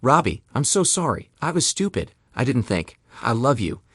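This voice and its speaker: A man's voice: mid-range voice, very animated, moderate pace, a bit bright, slightly rough, no echo, studio quality, heavily acted. A man voicing a tearful, pleading wife caught cheating, begging through sobs. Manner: sobbing and begging.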